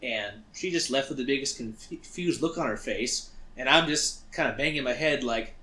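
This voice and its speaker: A podcast co-host recounts a story in a relaxed, animated way, performing his own past lines as he goes. He has a mid-range voice, keeps a moderate pace with hardly any pauses, and sounds reverberant.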